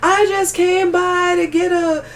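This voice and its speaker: A woman putting on a high, singsong voice to play a giddy adult prize winner gushing in disbelief. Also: level tone, measured pace. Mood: mock gushing.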